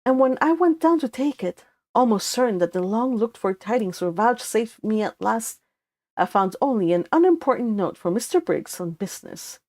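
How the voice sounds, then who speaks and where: A young woman with a Spanish accent reading a classic novel aloud, unhurried and steady, now and then stopping for a casual aside or to correct herself. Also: a little high. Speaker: audiobook reader.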